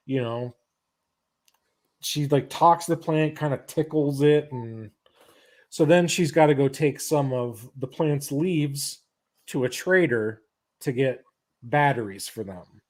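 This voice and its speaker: A man hosts a podcast in easygoing chat, his pace slow and unhurried. He pauses often and restarts phrases as he retells the story. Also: mid-range voice, darkish tone. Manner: halting retelling of a comic's plot. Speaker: podcast host. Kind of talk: casual chat.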